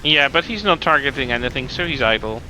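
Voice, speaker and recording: A man's voice: medium pitch, animated, quick pace, bright, forceful tone, slight background noise, poor audio. A man chatting casually while gaming, grumbling and restarting his words. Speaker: co-host gaming on stream.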